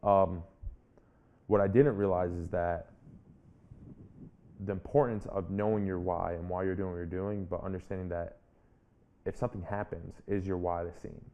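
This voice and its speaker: A man in his twenties, a public speaker and author appearing as an interview guest, tells a personal story earnestly and reflectively, often restarting his phrases. His low voice has fairly even intonation at normal speed with frequent pauses, and the highs are cut off.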